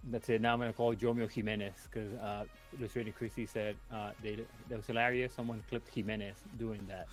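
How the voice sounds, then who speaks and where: A man's voice: fairly low pitch, level tone, a little fast, few pauses, soft background music. Laid-back rambling man co-streamer. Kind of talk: casual live-stream chat.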